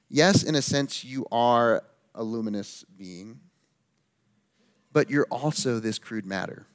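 A man preaching a sermon in an earnest, emphatic way, slowing down to stress key phrases. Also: medium pitch.

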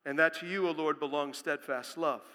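A man preaching a sermon as pastor, speaking emphatically and building to loud proclamations. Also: on the high side, steady tone, normal speed, in a large hall.

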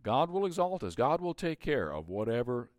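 A man's voice: mid-range voice, very animated, moderate pace, no echo, studio quality. A man preaching a sermon as pastor, often asking the congregation questions and restarting his phrases. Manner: asks the congregation rhetorical questions; restarts phrases and repeats himself.

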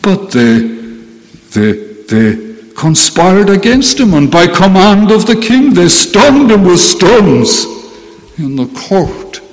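A man preaching a sermon in a slow, deliberate way, with emphatic repetition. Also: high voice, big pitch swings, long reverb tail, low-quality recording.

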